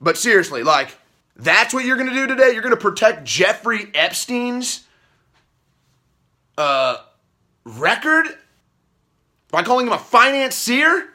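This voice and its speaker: Man, political commentary host, angry profane rant, forceful bright voice, repetitive. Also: big pitch swings, a little slow, long pauses. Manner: swings from low mutter to shouting.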